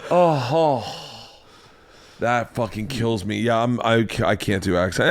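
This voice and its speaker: A man hosting a podcast, loud and excitable, often laughing. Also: medium pitch, unhurried. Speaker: podcast host. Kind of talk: casual podcast chat. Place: home studio.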